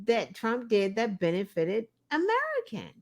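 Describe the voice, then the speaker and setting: High-voiced, exasperated podcast woman. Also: huge pitch swings, a little slow. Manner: emphatic, exasperated, swears freely. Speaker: podcast co-host. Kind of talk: casual political chat.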